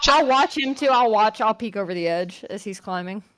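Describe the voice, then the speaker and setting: A woman's voice: mid-range voice, expressive, brisk, a bit bright. A woman playing a tabletop game, casually chatting with many fillers and describing her character's actions. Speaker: player. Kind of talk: casual tabletop role-play chat.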